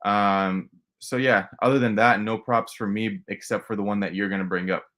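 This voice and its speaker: Measured lower-voiced man analyzing bets. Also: fairly even intonation, a bit bright. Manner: measured, thoughtful, hedging. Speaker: co-host. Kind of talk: casual sports betting analysis.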